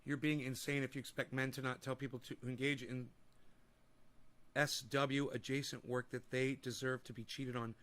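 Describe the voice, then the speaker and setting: A young man hosts a livestream, reading comments and answering them in a profane, combative, sarcastic rant. His voice is medium-pitched and fairly bright with little pitch movement, at normal speed.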